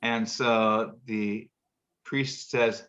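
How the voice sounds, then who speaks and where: Speaking extremely slowly in a lowish, steady, slightly bright voice, this show host rambles through jokes and chuckles as he reads them. The casual program runs over a video call with muffled sound.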